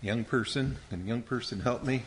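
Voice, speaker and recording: A man's voice: mid-range voice, brisk, slight background noise. Patient man leading a Bible lesson, quizzing young listeners one by one. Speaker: Bible teacher.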